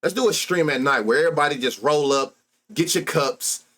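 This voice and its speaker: A man's voice: on the high side, brisk, a bit bright. Rowdy thirties man streaming bet talk. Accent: African American Vernacular English. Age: 30s. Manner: loose, laughing, rowdy, crude slang. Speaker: sports betting stream host. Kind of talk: casual profane live-stream banter.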